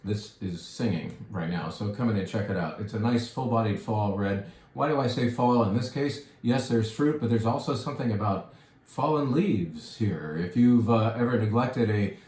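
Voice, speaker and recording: Low-voiced man enthusing over wine, echoey room. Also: normal speed, darkish tone. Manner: enthusiastic, savoring, murmurs "mm" while tasting. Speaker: wine shop steward. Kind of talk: casual wine tasting talk.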